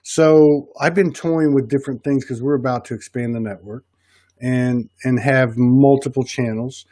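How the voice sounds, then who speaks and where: A man's voice: medium pitch, fairly even intonation, normal speed, dark tone, no echo. A man with a Southern US accent hosting a casual podcast chat, rambling with many restarts. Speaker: podcast host.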